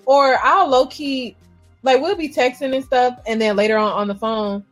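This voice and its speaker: A woman's voice: high voice, normal speed, faint music behind. A woman co-hosting a casual chat podcast, teasing her friend and acting out text exchanges. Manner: lively, teasing storyteller who acts out texts. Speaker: podcast co-host.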